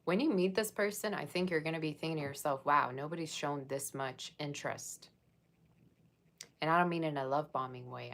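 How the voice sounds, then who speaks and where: A woman giving a casual tarot reading, chatting and rambling straight to her viewers. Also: low voice. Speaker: tarot reader.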